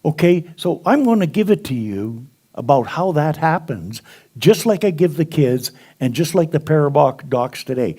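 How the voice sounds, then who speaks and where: A man with a warm, breathy voice on the high side preaches animatedly at a moderate pace. As a minister before his spiritual center congregation, he tells stories and acts out their dialogue, chuckling now and then.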